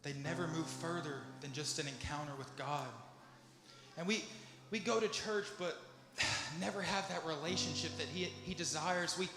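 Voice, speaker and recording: A man preaching a sermon, moving from soft, low musing to loud, pleading questions. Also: moderate pace. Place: church sanctuary. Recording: echoey church hall with music behind. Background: instrumental music.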